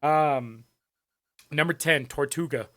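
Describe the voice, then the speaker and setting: A man's voice: fairly high pitch, takes it slowly, a bit bright. A young man co-hosting a podcast, talking in a loose, joking way with a lot of swearing and laughter. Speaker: podcast co-host. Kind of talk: casual chat.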